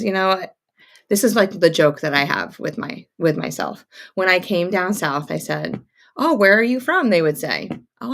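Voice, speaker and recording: Woman livestream host with a low, gravelly voice. Casual and talkative, greets viewers by name and wanders off on chatty tangents. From upstate New York, near Montreal. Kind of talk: casual live-stream chat.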